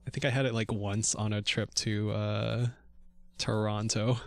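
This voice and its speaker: A man's voice: lowish voice, flat delivery, a little slow, vocal fry, no echo. A young man streaming while he codes a game, chatting casually and thinking aloud with lots of little laughs and fillers. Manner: rambling and chuckly, many fillers, thinks aloud. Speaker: VTuber streamer coding a game. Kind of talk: casual livestream chat while coding. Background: faint music and keyboard typing.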